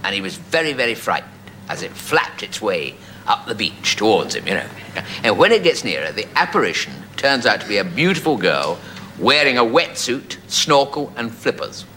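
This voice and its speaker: A man's voice: mid-range voice, sing-song, moderate pace, pushed and bright, slight background noise. A man telling a long, chatty comic story on stage, dropping asides like "you see". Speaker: comedian telling a joke. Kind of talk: stand-up joke telling.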